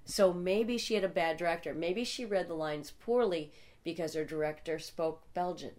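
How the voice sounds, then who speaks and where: A woman's voice: fairly low pitch, normal speed, a little mellow. A middle-aged woman, guest on a casual movie review chat, joking and laughing a lot as she talks. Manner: jokey, laughs often, breaks into mock voices. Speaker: guest co-host, actress and musician.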